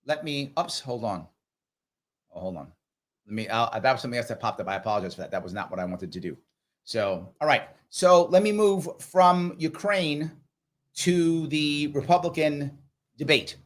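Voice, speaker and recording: A middle-aged man hosting a live question-and-answer stream, talking straight to his viewers in a lively, conversational way. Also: mid-range voice. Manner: animated, talks straight to viewers, acts out others in quick voices. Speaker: political commentator and livestream host. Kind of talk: live Q&A commentary.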